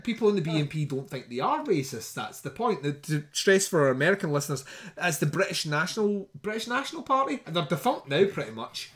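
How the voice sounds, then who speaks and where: Middle-aged man, podcast host, animated sweary storyteller, a touch high. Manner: swears often, animated and laughing while telling a story. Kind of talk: casual storytelling.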